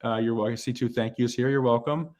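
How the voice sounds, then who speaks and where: A man's voice: mid-range voice, fairly even intonation, fast, darkish tone. A man who is a hiring manager giving live-streamed career advice in a casual way, with lots of fillers and repeated words.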